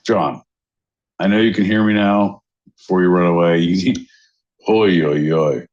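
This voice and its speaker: Low-voiced man, joking and profane. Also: fairly even intonation, moderate pace, muffled recording.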